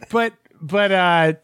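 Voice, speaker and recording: A man talks casually as co-host, wandering through his thoughts with fillers and restarts. His voice sits a little high, and the sound is dry and close. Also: fairly bright tone, smooth, no room sound. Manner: rambling, many fillers and restarts. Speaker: podcast co-host. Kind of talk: casual chat.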